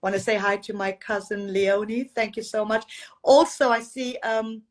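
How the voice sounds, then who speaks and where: A woman, a singer raised in Zambia and Zimbabwe, telling lively stories about her career in a casual live-streamed interview, often laughing. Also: medium pitch, normal speed. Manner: warm, storytelling, laughs often.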